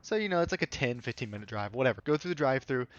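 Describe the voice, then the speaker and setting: A man's voice: mid-range voice, animated, very fast, muffled recording. Young adult male vlogger; casual, rambling storyteller with lots of asides, mid-range voice, home mic. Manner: rambling, chatty, full of asides. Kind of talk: casual story-time rant. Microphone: home desk microphone.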